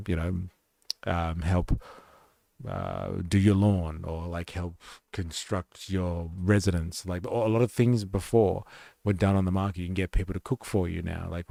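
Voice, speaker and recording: Low man, gravelly, rambling, filler-heavy, dry close sound. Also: flat delivery, normal speed, warm tone, dry recording. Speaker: live stream host. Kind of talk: casual commentary reacting to clips.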